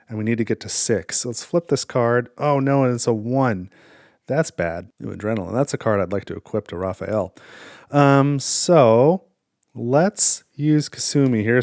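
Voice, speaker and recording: A man's voice: mid-range voice, a little mellow, dry recording, clean studio sound. A man casually talking through a solo board game, thinking aloud and counting his cards. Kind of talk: casual playthrough commentary.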